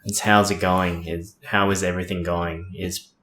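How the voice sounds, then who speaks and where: A man's voice: deep voice, level tone, normal speed, a bit bright, slight background noise. A man co-hosting a podcast, chatting casually and swearing in a laid-back way. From Australia. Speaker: podcast co-host. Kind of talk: casual chat. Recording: echoey room.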